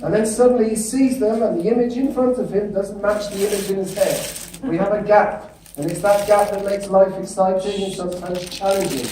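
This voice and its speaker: A man's voice: high-pitched, steady tone, fairly quick, mellow, a little hiss or hum. A man with a British accent giving a humorous conference talk and asking the audience questions. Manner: engaging, asks the audience questions. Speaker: conference speaker. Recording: echoey hall, mic far off.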